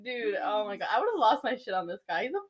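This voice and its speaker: A woman's voice: medium pitch, sing-song, fast talker, husky, highs cut off. A young woman co-hosting a podcast, retelling a story in a casual, laughing, profane way. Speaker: podcast co-host. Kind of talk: casual chat.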